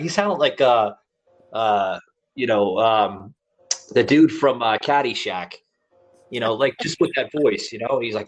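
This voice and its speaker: A man's voice: fairly low pitch, a little slow. A man from New York with a New York accent, hosting a podcast and telling jokey, rambling stories full of restarts. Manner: joking, rambling storyteller with many restarts. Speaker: podcast host. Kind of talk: casual podcast chat.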